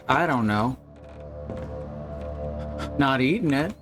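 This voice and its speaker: A man's voice: mid-range voice, lively intonation, slow pace, long pauses, soft background music. Male let's-play streamer, wry jokes, mid voice. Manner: wry, joking asides.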